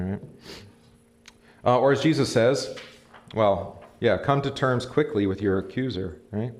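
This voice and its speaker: In a church or classroom, a pastor runs an informal Bible study, reading passages aloud and asking the room questions in a conversational way, chuckling at times. He has a medium-pitched voice and speaks at a normal speed. The audio comes through a live stream mic.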